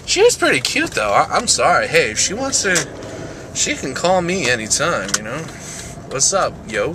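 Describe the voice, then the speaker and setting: A man's voice: a little high, wildly swooping pitch, moderate pace, noisy background. A young man vlogging casually, joking, rambling and making fun of himself. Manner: joking, rambling, self-mocking. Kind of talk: casual vlog.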